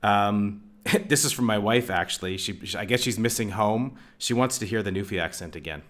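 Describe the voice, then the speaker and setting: A man's voice: lowish voice, moderate pace, fairly bright tone. A man hosting a casual interview, friendly and enthusiastic, often calling his guest man. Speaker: host.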